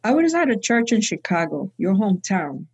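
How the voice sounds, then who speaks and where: A woman's voice: mid-range voice, big pitch swings, normal speed, a little mellow, slightly rough, lo-fi sound. A woman telling a long church story in conversation, acting out the people she quotes. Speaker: guest speaker.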